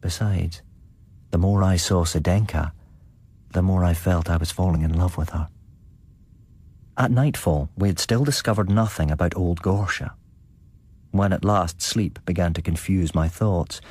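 A man narrating a ghost story on his podcast in a measured, suspenseful way. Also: sits low, darkish tone, breathy edge, no room sound. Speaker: podcast host and story reader.

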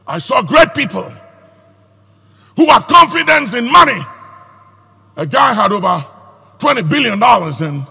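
A pastor preaching a sermon with a raspy voice, rising into shouts and sung phrases. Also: male voice, high-pitched. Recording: hall reverb with faint music.

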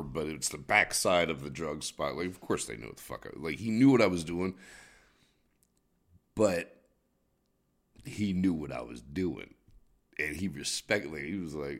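A man's voice: deep voice, lively intonation, moderate pace, a bit bright. A man co-hosting a podcast, telling a crude, profanity-laden story in casual chat. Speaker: podcast co-host.

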